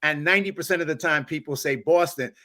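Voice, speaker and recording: A man from New York hosts a relaxed podcast chat. His voice is bright and forceful, and he sits a little high for a man. He tells stories easily and laughs often. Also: fast talker. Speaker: podcast host. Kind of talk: casual conversation.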